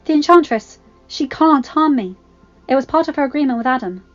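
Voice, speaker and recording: A woman voicing an earnest, emotional young heroine who speaks brightly. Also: sits high, lively intonation, brisk, lo-fi sound, faint music behind, voice pushed up.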